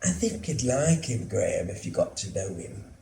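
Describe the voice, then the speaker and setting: A man's voice: fairly low pitch, big pitch swings, normal speed, vocal fry, warm tone, slight background noise. A male actor voicing a flighty, chirpy older mother who brushes things off airily. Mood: vague. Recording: roomy theatre sound.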